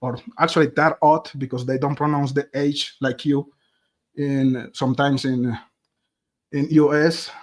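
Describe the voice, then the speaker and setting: A man's voice: medium pitch, level tone, a little slow. Chatty man. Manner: chatty, addresses viewers directly as "guys". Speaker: true crime streamer. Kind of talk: live-stream commentary.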